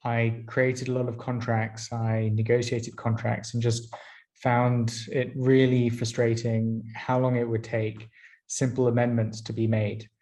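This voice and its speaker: Flat-voiced man explaining his business. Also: mid-range voice, a little slow. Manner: steady, explanatory. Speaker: founder and CEO, podcast guest. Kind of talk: interview answers.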